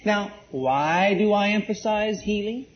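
A man's voice: high-pitched, a little slow. A man preaching an emphatic sermon, asking the congregation questions and repeating key words. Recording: muffled lo-fi recording.

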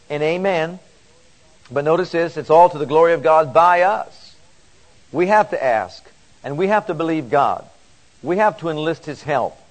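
A man with a fairly high voice preaches a sermon. He slows right down on scripture and lands his key phrases with emphatic force. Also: poor audio. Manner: slows down to stress scripture, rising to emphatic declarations.

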